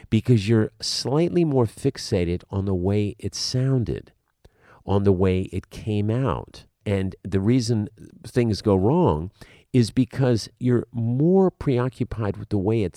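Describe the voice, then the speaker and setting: Emphatic middle-aged acting coach, deep mellow voice. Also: male voice, no echo, clean studio sound. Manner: emphatic, animated, repeats words when starting phrases. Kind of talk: spoken lecture to the viewer.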